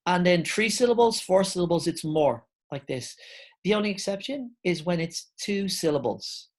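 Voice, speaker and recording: A woman's voice: lowish voice, animated, normal speed. A woman teaching an online English grammar lesson, explaining step by step and calling her viewers guys.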